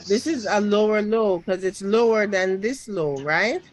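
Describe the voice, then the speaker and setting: Trading coach for a live lesson: slow and deliberate, insists on firm answers, keeps repeating questions. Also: mid-range voice, slight background noise, low-quality recording. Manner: drilling, repeats questions until answered firmly. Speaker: trading teacher.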